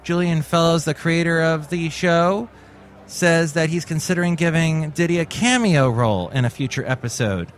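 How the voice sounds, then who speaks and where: A man's voice: fairly high pitch, normal speed. Jokey man hosting a rambling podcast. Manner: jokey, rambling, silly asides. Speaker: podcast host. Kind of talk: casual comedic podcast monologue.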